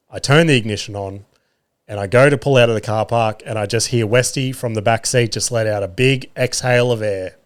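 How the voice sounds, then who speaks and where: Um homem australiano na casa dos trinta apresenta o seu podcast num monólogo descontraído. Conta histórias da família, xinga à vontade, ri e imita as vozes dos outros. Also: male voice, medium pitch. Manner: swearing, laughing, acting out family voices. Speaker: podcast host. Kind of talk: casual storytelling monologue.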